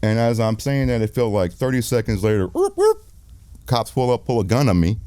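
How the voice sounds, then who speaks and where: Brief: man, 50s, director guest, low mellow voice, dry close sound, profane and animated storyteller. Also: fast talker, clean tone, no echo. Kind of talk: candid storytelling interview.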